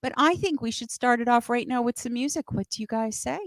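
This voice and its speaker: A woman's voice: on the high side, brisk, dry recording. Bubbly, playful woman host. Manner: bubbly, playful, laughs often. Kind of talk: live show hosting.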